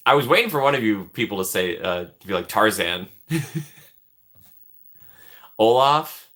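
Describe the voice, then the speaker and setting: A man hosting a live stream, rambling casually and joking as he thinks out loud while reading the chat. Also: fairly low pitch, lively intonation, measured pace.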